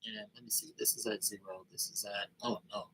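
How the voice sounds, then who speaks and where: A man's voice: lowish voice, big pitch swings, brisk, creaky, bright, forceful tone, slight background noise, poor audio. A man making a track and thinking aloud as he works, casual and self-critical, with slang. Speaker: music producer. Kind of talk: casual tutorial commentary. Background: music playing.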